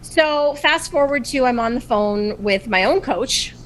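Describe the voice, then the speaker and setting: A woman's voice: on the high side, measured pace, a little hiss or hum, poor audio. Chatty woman telling her story. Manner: animated, chatty, full of fillers like "like" and "you know". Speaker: podcast guest. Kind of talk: casual storytelling chat. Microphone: video call.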